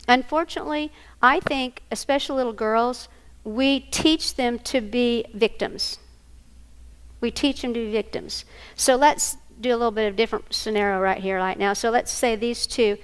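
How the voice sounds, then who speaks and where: A woman's voice: fairly high pitch, normal speed, clear, resonant tone, rough recording. A woman giving a training workshop, animatedly acting out scenes with volunteers. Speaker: workshop presenter. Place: conference room before an audience.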